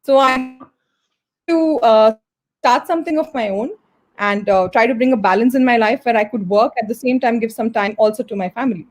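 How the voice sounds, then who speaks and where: A woman's voice: fairly high pitch, a little fast. A woman in her thirties, a business founder and trainer, answering in a live online interview, earnest, with many fillers and restarts. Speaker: guest entrepreneur and trainer.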